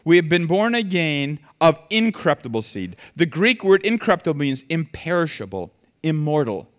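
Male preacher, slightly raised pitch, animated delivery with loud and soft turns. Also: moderate pace. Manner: animated, swings from soft to loud with acted quotes. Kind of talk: sermon.

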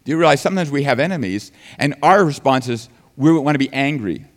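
Earnest preaching man, lively pitch. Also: fast, long reverb tail. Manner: earnest preaching with rising emphasis and restarts. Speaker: pastor. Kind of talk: sermon.

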